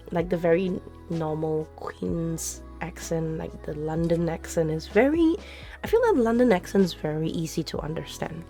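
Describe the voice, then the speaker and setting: A woman's voice: on the low side, dark tone. A woman streamer chatting casually with her live chat, giggling often and answering questions as they come. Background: faint background music.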